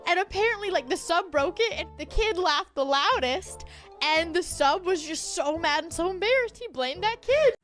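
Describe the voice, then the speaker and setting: Woman, teacher, casual storytelling, acts out quotes, high voice, faint music behind. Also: expressive, moderate pace, fairly bright tone.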